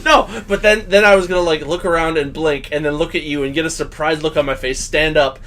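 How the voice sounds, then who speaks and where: A young man co-hosting a casual chat, animated and jokey, acting out little bits as he talks. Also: on the high side, a little fast. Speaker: podcast co-host.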